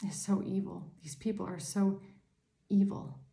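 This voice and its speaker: A woman's voice: medium pitch, steady tone, unhurried, gravelly, dark tone, roomy sound, slight background noise. Swearing, ranting woman tarot reader. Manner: angry ranting, heavy swearing. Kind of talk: tarot reading to camera.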